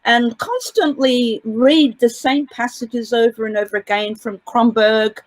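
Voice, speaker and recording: This time her voice sits a little high and her delivery is unhurried, though the audio is poor. Appearing casually as a guest commentator on a court case, she rambles through long sentences, stumbling over restarts and hesitant fillers.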